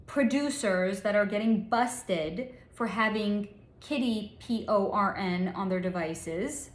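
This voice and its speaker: A woman's voice: fairly high pitch, echoey room. A woman psychic relaying a channeled reading in a blunt, candid way, swearing freely and spelling out crude words. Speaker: psychic reader.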